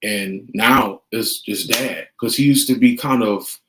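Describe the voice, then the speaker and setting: A man's voice: on the low side, takes it slowly, fairly bright tone, a little hiss or hum. A middle-aged man vlogging family advice in an earnest, repetitive way, telling stories and acting out what people said. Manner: earnest, repeats key points, retells scenes with quoted dialogue. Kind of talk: casual monologue to camera. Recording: roomy echo.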